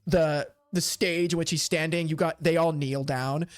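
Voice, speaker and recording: A man's voice: on the high side, steady tone, normal speed, no echo. A man narrating a tabletop game as game master, rambling with many fillers and self-corrections.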